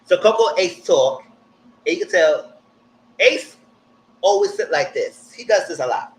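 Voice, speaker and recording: A man giving a blunt, slangy live recap of a TV show, jumping up high in pitch when he quotes people. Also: unhurried, low-quality recording. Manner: animated, jumps high when quoting people. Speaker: TV recap streamer. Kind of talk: live casual TV recap commentary.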